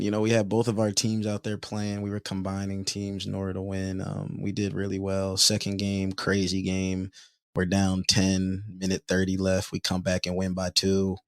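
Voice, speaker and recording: Low-voiced man telling an animated story. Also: no echo, clean studio sound. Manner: animated, repeats words when excited. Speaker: podcast host and youth basketball coach. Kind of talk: casual podcast storytelling.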